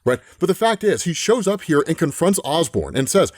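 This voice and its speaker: A man's voice: on the high side, moderate pace, dry recording, clean studio sound. A man hosting a casual comic book recap, talking animatedly and often checking in with the listener. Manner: animated, often adds "right?". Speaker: host.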